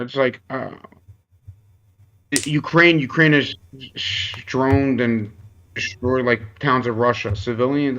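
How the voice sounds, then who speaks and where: Relaxed man on a dull lo-fi line. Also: medium pitch. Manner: relaxed, hesitant, fillers. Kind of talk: casual chat.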